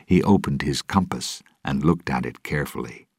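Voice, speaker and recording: A man reading a chapter book aloud in a measured, deliberate storybook narration. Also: a bass voice, husky, no echo, clean studio sound.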